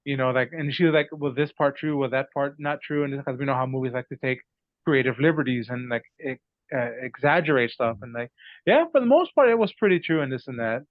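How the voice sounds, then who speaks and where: A man's voice: mid-range voice, animated, fast, no room sound, narrow, tinny audio. A man from Texas, a podcast guest who works as a tribute artist for a famous singer, telling rambling stories with frequent laughs. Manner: rambling storyteller, laughs often. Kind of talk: casual podcast chat.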